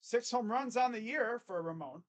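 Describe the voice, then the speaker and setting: A young man doing live fan play-by-play, chatty and rambling, jumping to excited calls on each pitch. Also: moderate pace.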